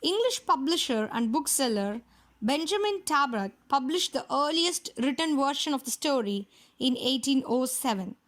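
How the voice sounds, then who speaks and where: High-voiced woman reading a children's story. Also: lively intonation, moderate pace, a bit bright.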